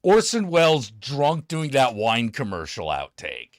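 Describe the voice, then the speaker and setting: An animated man co-hosting a loose comedy chat, with a mid-range voice that jumps around a lot. He swears freely and laughs between lines. The sound is dry and close. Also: mid-range voice, unhurried, dry recording. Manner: animated, swearing, laughs often, slips into impressions. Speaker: podcast co-host.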